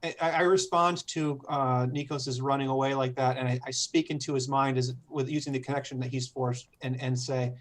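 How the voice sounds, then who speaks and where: A man's voice: mid-range voice, steady tone, normal speed, few pauses. A man playing a character in a tabletop game, stammering and repeating words as he speaks. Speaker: player.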